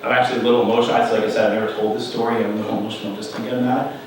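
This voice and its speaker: A middle-aged man giving a conference talk, telling a story in a conversational, animated way and acting out the people in it. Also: fairly low pitch, very fast, slight background noise. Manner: conversational, animated retelling with quoted voices. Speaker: conference speaker. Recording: echoey hall from far off.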